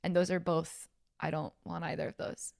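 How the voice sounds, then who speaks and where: Young woman, podcast co-host, joking and lively, fond of correcting others; dry close-mic sound. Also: on the low side, moderate pace, creaky, no echo. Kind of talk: casual podcast chat.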